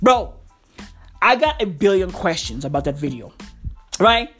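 A woman's voice: fairly low pitch, big pitch swings, measured pace, husky, faint music behind. A woman from South Africa delivering a heated, swearing comedic rant full of slang and repetition. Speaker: comedic ranter.

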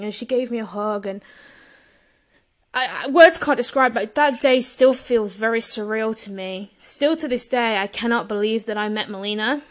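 A woman's voice: a little high, fairly bright tone. Gushing young woman telling a story. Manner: gushing, emotional, laughs often while telling. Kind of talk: personal storytelling.

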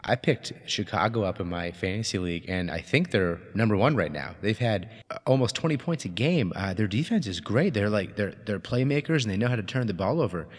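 A man's voice: lowish voice, lively intonation, a little fast, long reverb tail. A man co-hosting a casual sports chat, often asking the others for their views. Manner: inquisitive, asks the others. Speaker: podcast co-host.

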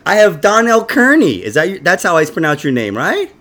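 A man's voice: sits high, huge pitch swings, a little fast, sharp tone. A man hosting a comedy podcast, joking crudely, swearing freely and laughing often.

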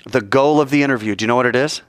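A man preaching a sermon in an animated, joking way, acting out scenes as he goes. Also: mid-range voice, very fast.

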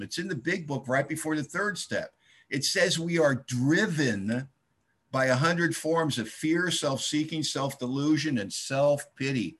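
A man's voice: a little high, fairly bright tone. A middle-aged man sharing his recovery story at a meeting, wry and self-mocking, with punchy asides.

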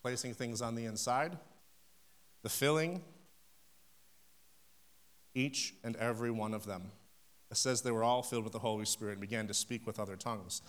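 A male preacher delivering a camp-meeting sermon in a steady mid-range voice. He tells stories with passion and acts out conversations. His delivery swells to sudden emphatic peaks. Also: mid-range voice, normal speed, pauses often. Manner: storytelling, acting out phone conversations. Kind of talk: sermon with personal story.

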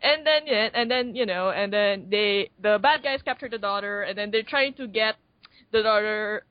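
A woman's voice: mid-range voice, moderate pace, dry recording, narrow, tinny audio. A woman co-hosting a podcast, chatting casually about a movie, rambling with lots of fillers and restarts. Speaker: podcast co-host. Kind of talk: casual movie review chat.

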